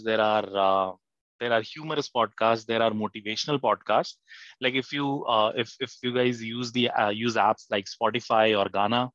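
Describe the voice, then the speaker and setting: A man leads an online writing class, speaking haltingly with many fillers and restarts. His voice is mid-pitched, and the recording is dry and a little dull. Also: fairly bright tone, no room sound. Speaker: content writing instructor. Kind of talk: live online class lecture. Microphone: online class mic.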